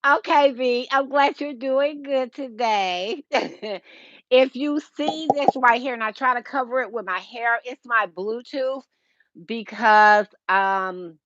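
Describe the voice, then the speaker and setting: A woman's voice: fairly high pitch, slow pace, a bit bright, no room sound. Woman, chatty livestream host, greets viewers, earpiece mic, muffled dry sound. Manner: chatty, greets viewers by name, laughs often. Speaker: home decor livestream host. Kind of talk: casual livestream chat. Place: at home. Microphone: Bluetooth earpiece.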